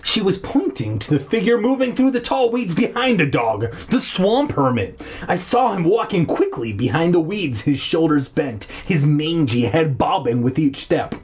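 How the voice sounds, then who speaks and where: Lively read-aloud narrator, husky, sarcastic asides. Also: medium pitch, moderate pace. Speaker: reader. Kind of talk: reading a children's horror book aloud with jokey asides.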